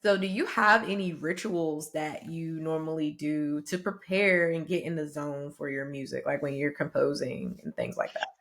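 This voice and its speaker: A woman's voice: sits low, lively intonation, normal speed, few pauses, fairly bright tone. A woman hosting an interview, giving short affirmations and asking open questions. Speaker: podcast host, interviewer. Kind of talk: interview conversation.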